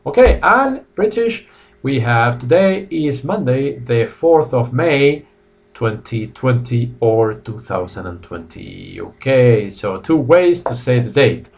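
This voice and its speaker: A middle-aged man giving a live online English lesson, upbeat, repeating key phrases and greeting viewers by name. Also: medium pitch. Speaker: English teacher. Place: academy in Madrid.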